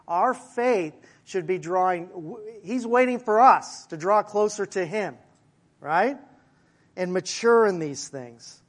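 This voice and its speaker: High-voiced male pastor preaching. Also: expressive, slow. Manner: conversational preaching with asides to the congregation and slide operator. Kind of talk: sermon.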